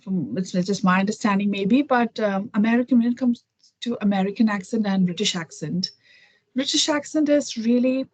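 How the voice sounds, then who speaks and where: A woman's voice: mid-range voice, brisk, no room sound. Indian woman from kerala talking on a video call, dry close sound, lots of ums and restarts. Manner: thoughtful, many fillers and restarts. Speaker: guest. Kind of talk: casual conversation.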